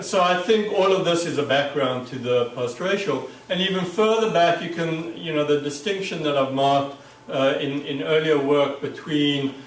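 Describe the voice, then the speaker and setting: A man giving an academic conference talk, halting, with many fillers and restarts. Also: a little high. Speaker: academic speaker. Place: lecture room. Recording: echoey room, mic far off.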